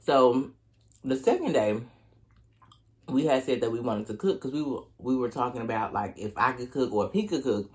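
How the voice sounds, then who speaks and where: A young man with an Oklahoma accent tells a storytime to camera while eating. His delivery is casual, slangy and full of profanity. It jumps in pitch whenever he acts out his irritation. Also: lively intonation, moderate pace, darkish tone. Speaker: vlogger. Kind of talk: storytime mukbang.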